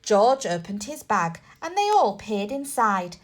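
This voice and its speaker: A woman reading a children's bedtime story aloud, lively and expressive. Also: medium pitch, unhurried, few pauses.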